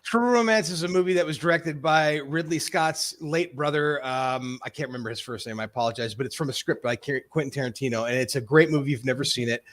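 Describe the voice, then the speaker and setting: A man's voice: mid-range voice, quick pace, few pauses, fairly bright tone. A man in a casual stream chat who rambles, loses his thread and apologizes for going off track. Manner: rambling, self-interrupting, apologetic.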